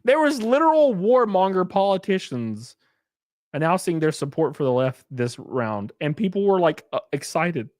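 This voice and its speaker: A man on a live stream, talking casually and sarcastically, swearing often and dropping into mocking put-on voices. His pitch swoops up and down with lively energy. The sound is close and dry with no room echo. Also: moderate pace. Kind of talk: casual live-stream talk, reading chat.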